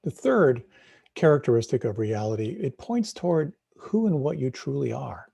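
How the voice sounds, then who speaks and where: A middle-aged man teaching meditation gives a live talk that is reflective and questioning, with frequent restarts and repeated words. His husky, mellow, gravelly voice is medium-pitched with big pitch swings, at a normal speed. The recording is dry and close-up.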